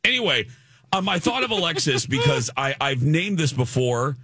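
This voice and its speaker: A man's voice: a little high, expressive, moderate pace, sharp tone, husky, no echo, clean studio sound. A man from the Chicago area co-hosting a radio show, chatting with enthusiasm and often restarting his sentences. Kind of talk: casual chat.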